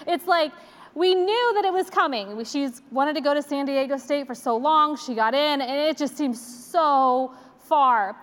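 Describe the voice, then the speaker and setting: Woman, 40s, church speaker, high-pitched, chatty storytelling sermon, long hall echo. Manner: chatty, self-deprecating storyteller. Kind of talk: conversational sermon. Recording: long reverb of a large hall.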